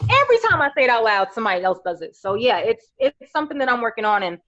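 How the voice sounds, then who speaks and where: A woman in her thirties from New York, a podcast guest telling stories in a lively, casual way and acting out her friends' voices. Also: fairly high pitch, rapid-fire, dull audio, noisy background. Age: 30s. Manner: animated storyteller, acts out friends' voices. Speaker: podcast guest, makeup artist.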